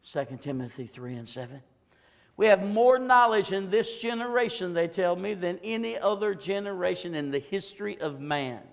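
An older man preaching a Pentecostal sermon in a church service, swinging from hollered peaks to low, confiding asides. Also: expressive, normal speed, vocal fry, long reverb tail. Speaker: pastor.

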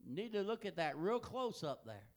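An older man preaching a sermon, telling folksy family stories that swing from hushed asides to loud, emphatic peaks. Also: high voice, big pitch swings, moderate pace. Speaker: pastor.

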